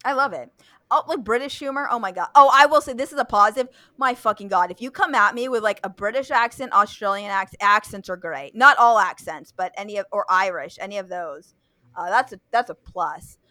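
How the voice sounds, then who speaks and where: A woman's voice: mid-range voice, fairly quick, sharp tone, dry recording. A young woman hosting a casual chat, blunt and profane, with lots of fillers and restarts. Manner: blunt, swears freely, many fillers and restarts. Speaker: podcast host.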